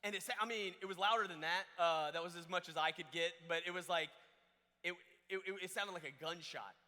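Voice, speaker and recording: A young man from Georgia telling a story as a camp speaker, animated and full of restarts and fillers, in a large auditorium on a stage mic. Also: sits high, brisk. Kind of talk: storytelling sermon. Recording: long hall reverb.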